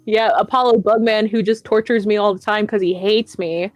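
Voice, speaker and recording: A woman's voice: medium pitch, fairly even intonation, moderate pace, no echo, muffled recording, soft background music. A woman guest on a chat stream, telling stories in a rambling, self-mocking way with a lot of swearing. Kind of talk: casual chat.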